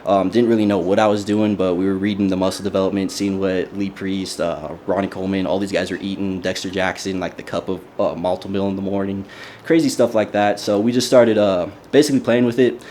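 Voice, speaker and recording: A man's voice: deep voice, flat delivery, a little fast, a little mellow, slight background noise. A young man, a bodybuilder, telling his personal story in a casual, earnest way with many fillers. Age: young adult. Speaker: bodybuilder interviewee.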